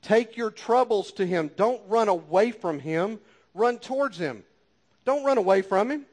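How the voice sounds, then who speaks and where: High-voiced fervent male preacher. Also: lively intonation, normal speed, darkish tone. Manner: fervent, repetitive exhortations, folksy asides. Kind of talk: sermon.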